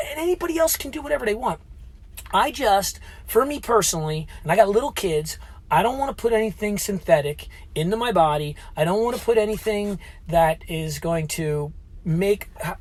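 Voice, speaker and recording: A man's voice: high-pitched, dry recording. A man in his forties, a health vlogger, telling a story in a rambling, casual way with many restarts. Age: 40s. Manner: rambling, retells conversations with frequent restarts. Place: at or near a gym.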